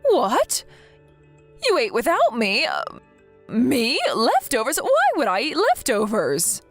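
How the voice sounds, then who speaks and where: A high, sing-song voice drips with theatrical sweetness as a scheming mother-in-law, put on by a woman reading a text story. Every line sounds staged and syrupy over faint background music. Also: very animated, moderate pace, a bit bright. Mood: indignant. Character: sugary, scheming middle-aged mother-in-law.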